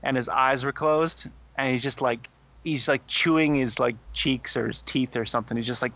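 A man's voice: mid-range voice, fairly even intonation, quick pace, bright, forceful tone. A young man co-hosting a podcast, telling a rambling story full of swearing. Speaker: podcast co-host. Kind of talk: casual chat.

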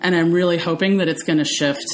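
A woman with a fairly low voice talks in a relaxed podcast chat. She tells stories animatedly, slipping into quoted voices and leaning on fillers. A faint hiss sits under the recording. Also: quick pace. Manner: chatty, animated storytelling with many fillers. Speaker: podcast co-host. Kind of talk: casual chat.

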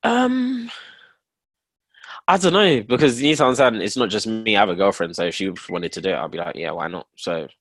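A young man chatting casually with friends, animated and quick to laugh. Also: medium pitch, no echo. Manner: animated, laughs often, repeats himself. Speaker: podcast co-host. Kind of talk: casual chat among friends.

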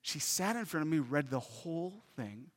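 A man's voice: on the high side, lively intonation, normal speed. A man preaching a sermon in a church, telling a personal story with earnest energy and questions to the congregation. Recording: long reverb of a large hall.

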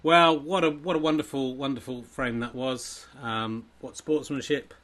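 A man hosting and commentating his own comic snooker tournament in an excitable, sweary, self-mocking way. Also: mid-range voice, normal speed.

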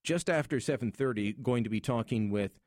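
A man's voice: medium pitch, fairly quick, darkish tone, no room sound, studio quality. A middle-aged Canadian man hosting a radio show, telling a personal story with wry humor in a casual on-air monologue. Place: radio studio.

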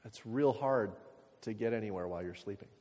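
A man preaching a sermon, talking casually with lots of fillers and sometimes dropping to quiet, reflective passages. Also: on the low side, a little fast. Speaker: pastor. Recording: hall reverb.

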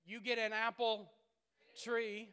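A man preaching a sermon in a playful, animated way, swinging between loud bursts and hushed asides. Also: high-pitched, slow, clean tone.

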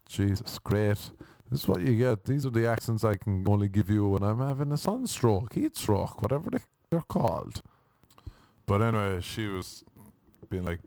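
Wry, low-voiced male comic rambling. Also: lively intonation, normal speed, warm tone, dry recording. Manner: self-deprecating, wry, switches into mock voices.

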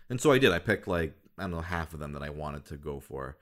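A man with a very low voice chats casually as a voice actor. His pitch swoops widely up and down, and he hesitates and restarts a lot while staying relaxed. He laughs wryly from time to time. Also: fast. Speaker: voice actor, podcast co-host. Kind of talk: casual chat.

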